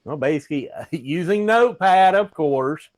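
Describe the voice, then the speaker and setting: A man's voice: a little high, lively intonation, moderate pace, no echo. A man playing a tabletop game, hesitant and stumbling over his words as he plans his character's moves. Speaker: player.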